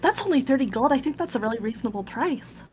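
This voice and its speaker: Brief: woman player, lively swinging voice, cheerful and naive in character. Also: high voice, fast, soft background music. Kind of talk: casual in-character play.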